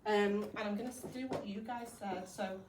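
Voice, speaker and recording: A woman's voice: mid-range voice, steady tone, normal speed. A woman teaching a primary class, thinking aloud as she models writing and encouraging the pupils. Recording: echoey classroom from far off, noisy.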